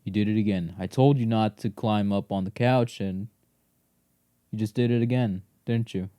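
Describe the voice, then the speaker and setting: A man's voice: on the low side, fairly even intonation, moderate pace, dark tone, no echo, studio quality. A young man hosting a solo podcast, rambling and swearing as he teases his dog, often dropping to a whisper. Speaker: podcast host.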